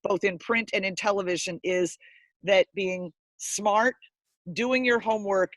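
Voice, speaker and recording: A woman's voice: medium pitch, fairly even intonation, measured pace, a bit bright, no echo. Woman chiming in, earnest w/ a teasing edge, dry close sound. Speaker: fellow broadcaster, guest panelist. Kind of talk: warm tribute in conversation.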